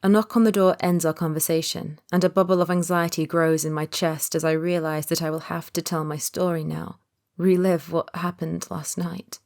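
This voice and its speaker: A woman narrating a romance audiobook in the first person, in a calm, measured read. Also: fairly low pitch.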